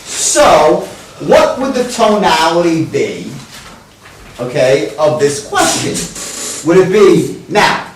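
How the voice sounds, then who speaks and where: Profane sales trainer in an echoing room. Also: male voice, fairly high pitch, very animated, slow, slight background noise. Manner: blunt, profane, swings into loud exaggerated demonstrations. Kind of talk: live sales training talk. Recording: very echoey room, speaker far from mic.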